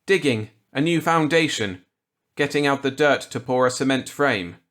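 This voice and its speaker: A man voicing a panicked middle-aged shopkeeper, pleading and shouting in desperation. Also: mid-range voice, normal speed, pitched above the performer's own voice, close to an everyday voice. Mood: shaken.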